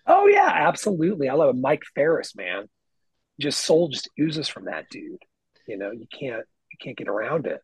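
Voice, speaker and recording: A middle-aged man, a guest guitarist, telling stories in casual podcast chat with lots of swearing and animated emphasis. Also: mid-range voice, moderate pace, breathy edge, dry recording, low-quality recording. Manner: profane, animated storyteller. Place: lives in Nashville.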